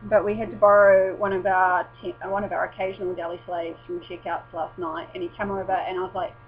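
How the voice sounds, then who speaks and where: A woman's voice: fairly low pitch, level tone, a little fast, slightly rough. A woman chatting casually at home as a vlogger, rambling and swearing, often breaking off mid-sentence. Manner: rambling, sweary and self-interrupting. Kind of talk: casual chat. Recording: dull lo-fi recording with mains hum.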